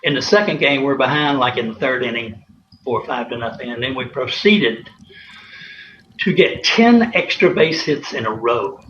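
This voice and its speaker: Speaking at a normal speed with lively intonation, this man has a medium-pitched, somewhat bright voice. He once played college sports, and here he tells anecdotes in a loose, rambling way, chuckling and using plenty of fillers during a casual storytelling interview. There's a faint hiss over a roomy, slightly dull sound.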